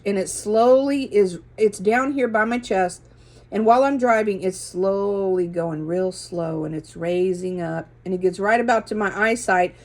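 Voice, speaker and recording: A woman's voice: medium pitch, darkish tone. A middle-aged woman earnestly telling a rambling religious testimony, often correcting herself mid-sentence. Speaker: religious video host. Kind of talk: casual testimony monologue.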